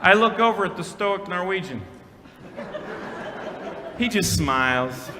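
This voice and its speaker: A man from Minnesota giving a keynote speech at a conference, telling a story dramatically, with shouted punchlines and hushed quiet lines. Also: high voice, lively intonation, unhurried. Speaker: keynote speaker. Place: large conference hall. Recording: long hall reverb, faint room noise.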